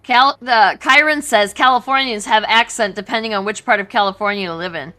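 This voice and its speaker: Bright chatty woman with Wisconsin accent. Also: on the high side, a little fast. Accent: southern Wisconsin. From southern Wisconsin. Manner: chatty, rambling, many restarts. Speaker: artist co-host. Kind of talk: casual chat on a livestream.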